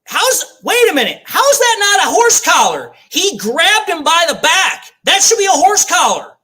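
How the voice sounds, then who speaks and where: Fired-up male fan host, high animated voice, swears a lot while calling plays. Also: a little slow. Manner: ranting, swears freely, repeats complaints. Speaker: fan watch-party host. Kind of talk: live play-by-play fan commentary.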